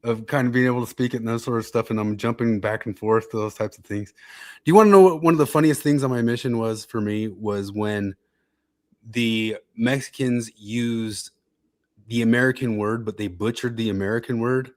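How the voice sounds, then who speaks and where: Male co-host, animated storyteller, mid-range voice, casual. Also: mid-range voice, moderate pace, no room sound, clean studio sound. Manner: animated storytelling, laughs often. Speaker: podcast co-host. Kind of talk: casual livestream chat.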